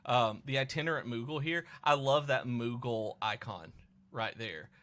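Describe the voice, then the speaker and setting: A man's voice: medium pitch, normal speed, fairly bright tone. A young adult man hosting a livestream, chatting enthusiastically and casually while playing. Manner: enthusiastic, chatty, hums to himself. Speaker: livestream host. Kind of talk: casual gameplay chat.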